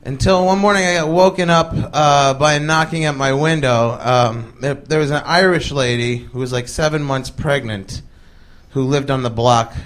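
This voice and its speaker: A male comedian telling a loose, chatty story on stage in live comic style, with lots of fillers and quick voices for the people he quotes, and an audience laughing along. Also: on the high side.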